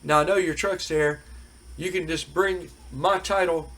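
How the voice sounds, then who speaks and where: A man's voice: fairly high pitch, steady tone, measured pace, a bit bright. A man putting on a boastful male wrestler who scolds and trash-talks. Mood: cocky. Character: cocky angry male wrestler, trash-talking.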